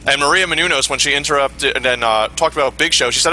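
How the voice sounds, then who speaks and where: A man co-hosting a casual podcast chat, wisecracking and quick to laugh. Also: a little high, sharp tone, a little hiss or hum, rough recording. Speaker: podcast co-host.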